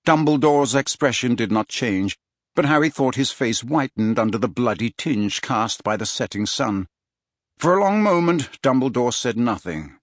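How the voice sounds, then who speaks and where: A man narrating an audiobook in an expressive, dramatic reading style. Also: medium pitch, moderate pace, dry recording, clean studio sound. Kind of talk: scripted storybook narration.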